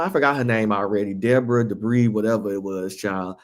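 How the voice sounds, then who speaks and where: Young man, casual recap host, lowish voice, animated, leaps up in pitch for quoted lines. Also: fairly quick. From Southeast Texas. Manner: chatty, animated, jumps to high acted quotes. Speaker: podcast host.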